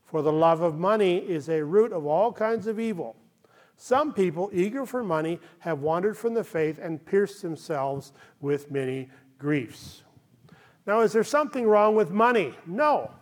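A man's voice: high voice, lively intonation, a little slow. A male pastor giving a conversational sermon, often checking in with the listeners. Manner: conversational preaching, frequent "okay?" check-ins.

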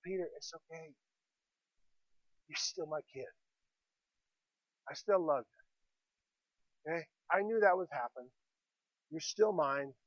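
A man's voice: high-pitched, sharp tone, no room sound, muffled recording. A man preaching a sermon as pastor, earnest and checking in with the congregation, with a slightly sore throat. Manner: earnest, repeats "okay?" to the congregation.

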